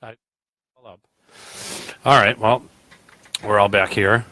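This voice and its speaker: A man's voice: fairly low pitch, fairly even intonation, takes it slowly, a little hiss or hum, poor audio. A man hosting a podcast who tells stories in casual chat, swearing constantly and rambling bluntly. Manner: grows loud and heated when retelling arguments. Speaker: podcast host.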